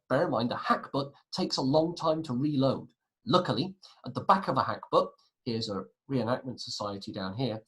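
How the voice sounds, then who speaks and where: Lively history teacher. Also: male voice, medium pitch, poor audio. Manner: lively, asks the class questions and answers them himself. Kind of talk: classroom lesson video.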